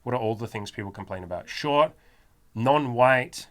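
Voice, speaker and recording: A man's voice: mid-range voice, lively intonation, moderate pace, a bit bright. A man who is a self-improvement coach and podcast host, talking in a blunt, emphatic, profanity-laden motivational style.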